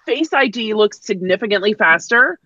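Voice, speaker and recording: A woman's voice: medium pitch, lively intonation, moderate pace, bright, forceful tone, no echo. Woman, casual tech chat, enthusiastic, teasing, dry lo-fi sound. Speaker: co-host of a tech live stream.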